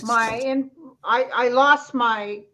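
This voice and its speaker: A woman's voice: fairly high pitch, takes it slowly, bright, forceful tone, a little hiss or hum. A woman joining a casual chat as guest psychic over a video call, talking in rambling, trailing sentences. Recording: dull lo-fi call audio.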